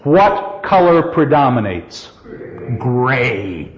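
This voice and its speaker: A male literature teacher lecturing a class on poetry, putting questions to the students and reading verse lines slowly. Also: medium pitch, big pitch swings, crowd noise. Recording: echoey hall, dull lo-fi sound.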